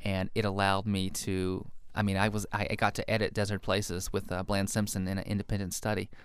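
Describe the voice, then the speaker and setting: A young novelist, a man, speaks low and smooth into a close, dry mic. He talks about his writing in a relaxed, self-deprecating way and laughs at his own early work. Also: a little fast, no room sound. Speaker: novelist guest. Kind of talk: interview, reading his own story aloud.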